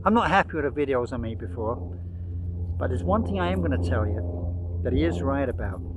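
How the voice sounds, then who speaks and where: A man's voice: fairly high pitch, noisy background. A man in his sixties giving casual, rambling commentary with frequent fillers and restarts. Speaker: vlogger.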